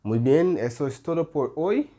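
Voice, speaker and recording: A man tutoring Spanish in English, unhurried and explanatory, often checking in with "right?" and "mm-hmm.". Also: a little high, animated, mellow.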